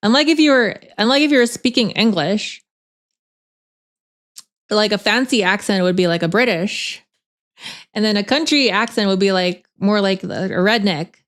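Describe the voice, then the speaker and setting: A woman's voice: mid-range voice, normal speed, pauses often. A woman streamer in casual chat, rambling and chatty, laughing often with lots of filler words.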